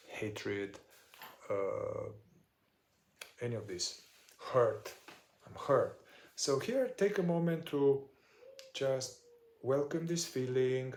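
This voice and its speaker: A man explains a therapy process one step at a time, in no hurry and pausing often to find his words. His voice sits in a middle register. The room around him rings with a noticeable echo. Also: mid-range voice, a little mellow. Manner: unhurried, searching for words with many fillers. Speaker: somatic shadow work teacher.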